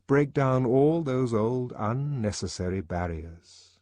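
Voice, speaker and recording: A man reading an audiobook aloud with an expressive, dramatic delivery, recorded close and dry. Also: medium pitch, slow pace, no echo. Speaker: audiobook narrator.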